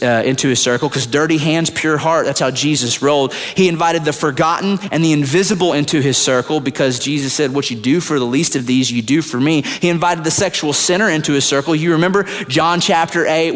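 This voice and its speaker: A man preaching a sermon as pastor, swinging from loud high retellings to hushed low asides. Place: large church hall. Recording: long hall reverb, at times far from the mic.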